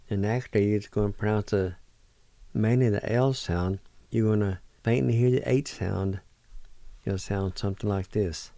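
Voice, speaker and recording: A man teaching words on a radio show, taking his time over every syllable. His voice is low, warm and mellow, and it sounds close and dry, with no room around it. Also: gravelly, no echo. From Oklahoma, United States. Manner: slow, patient, repeats each syllable. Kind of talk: slow spelling and pronunciation lesson.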